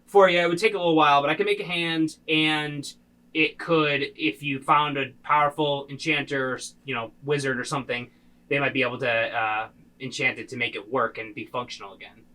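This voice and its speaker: A man's voice: medium pitch, steady tone, brisk, sharp tone, lightly acted, low-quality recording. A man voicing a friendly, generous male blacksmith who greets an old friend, talking eagerly and tripping over his words.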